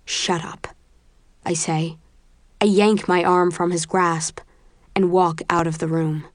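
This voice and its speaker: A woman reading a first-person novel aloud, slow and dramatic. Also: fairly low pitch, fairly even intonation, no room sound, clean studio sound. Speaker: audiobook narrator. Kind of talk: first-person scripted narration.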